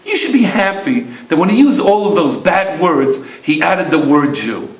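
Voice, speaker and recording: A calm, wise father talks to his young son in a gentle, measured way, as a man quotes him in a story. The voice is a little high for a man. The room gives it an echo.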